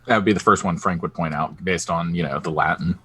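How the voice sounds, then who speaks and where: Raspy low-voiced man at a tabletop game. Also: a little fast, bright, forceful tone, faint music behind. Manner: wry, swearing often. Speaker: player. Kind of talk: casual tabletop play.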